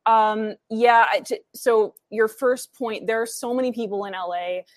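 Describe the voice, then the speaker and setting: A woman's voice: a little high, fairly even intonation, normal speed, no room sound. Midwestern woman explaining, dry sound. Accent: Midwestern American. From US, grew up in DC, LA, Chicago. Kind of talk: casual chat.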